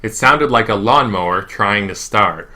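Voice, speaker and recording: A man reading a children's novel aloud in first person, with a lively, emphatic delivery. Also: lowish voice, measured pace. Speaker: audiobook reader. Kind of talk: first-person storybook narration.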